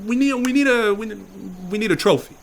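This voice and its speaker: A man's voice: very high voice, fast, slight background noise, pitched above the performer's own voice. A man voicing a pushy young male explorer who swears and insists on going further, within a spoken horror story. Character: brash young male thrill-seeking explorer.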